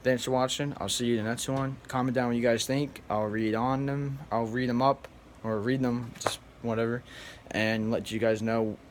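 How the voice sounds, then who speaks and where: A man vlogging, telling a story to his viewers in a rambling, animated way and flatly mimicking other people. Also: medium pitch, moderate pace, slight background noise. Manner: animated, rambling, acts out others in flat mumbles. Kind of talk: casual storytelling to camera.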